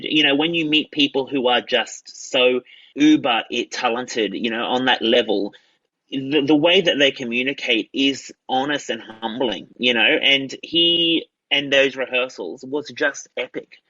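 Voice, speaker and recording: An Australian tenor chatting as an interview guest, enthusiastic and rambling, full of "you know" and "mate". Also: male voice, mid-range voice, bright, forceful tone, breathy edge, no room sound, lo-fi sound. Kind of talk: casual interview chat.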